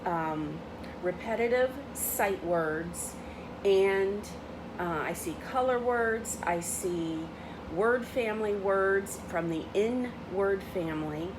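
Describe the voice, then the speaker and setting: A woman's voice: on the low side, noisy background. A woman teacher giving patient step-by-step instructions for class work at home.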